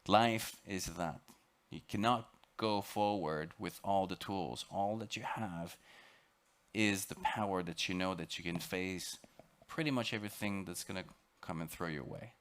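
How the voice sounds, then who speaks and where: A man with a French accent giving a dramatic, emphatic storytelling lecture aboard a ship, sometimes halting and repeating words. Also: low voice, a bit bright. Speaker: expedition lecturer.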